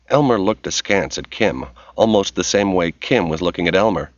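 A man narrating a novel as an audiobook in a steady, measured reading voice. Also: deep voice, dry recording, highs cut off.

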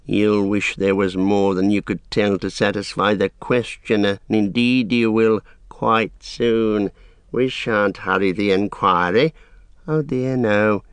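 Male goblin as a man puts him on, hissing, whispery, menacing, slow, dry studio, storybook. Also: fairly low pitch, steady tone, smooth, no room sound, lightly acted. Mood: gloating. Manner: slow, menacing, mock-tender. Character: sinister male goblin captor, cruel and greedy.

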